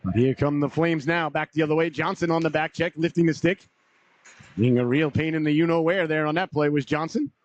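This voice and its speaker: Slightly hoarse male hockey announcer, higher pitch, brisk calls, dull lo-fi stream sound. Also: no room sound. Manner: brisk name-by-name calls with folksy asides. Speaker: play-by-play announcer. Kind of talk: live hockey commentary.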